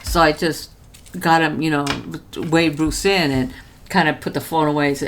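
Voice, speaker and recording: An older woman vlogger telling a story in a casual way from her home studio, jumping high in pitch when she quotes others. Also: moderate pace. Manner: lively, jumps high when quoting others.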